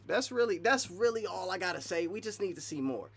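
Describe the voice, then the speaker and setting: Guy streaming and reacting, excitable and rambly, kinda high voice, goes loud then quiet. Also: fairly quick, vocal fry, few pauses, breathy edge, no echo. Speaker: streamer reacting to game news. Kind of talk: casual live-stream commentary. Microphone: wearing earphones.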